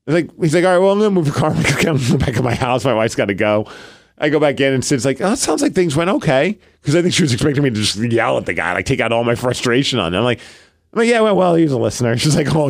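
A middle-aged podcast co-host with a slightly high, gravelly voice relates a story in casual chat. He's animated, slipping into the voices of the people he quotes.

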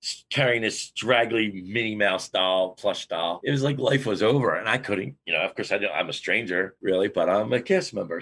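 A man guest on a podcast, telling a long personal story in an animated way with big swings in pitch. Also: fairly quick, vocal fry, hardly any pauses, breathy edge. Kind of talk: storytelling interview.

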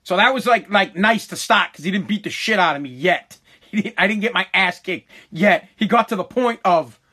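High, bright-voiced man telling a profane story. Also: normal speed. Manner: animated, swears freely, stumbles and repeats words.

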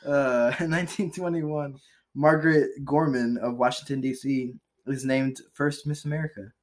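A man's voice: mid-range voice, fairly even intonation, moderate pace. A young man co-hosting a podcast, reading off historical dates and then making dry jokes in casual chat. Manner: reads "on this day" entries off a list, then cracks dry jokes.

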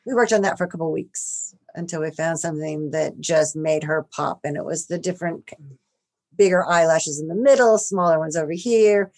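A woman, a film makeup artist, telling stories in an interview, growing animated when excited. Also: low-pitched, fairly quick. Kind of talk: interview, casual storytelling.

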